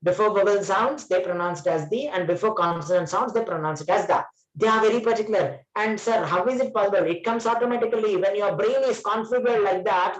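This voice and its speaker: A man's voice: sits high, lo-fi sound. Male English trainer, echoey room. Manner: repeats phrases and corrects himself often. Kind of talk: online class lecture.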